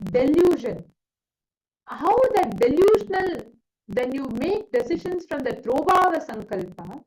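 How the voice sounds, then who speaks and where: Woman, high voice, spiritual facilitator, earnest, storytelling sermon. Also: a little mellow, poor audio. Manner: addresses participants by name, earnest.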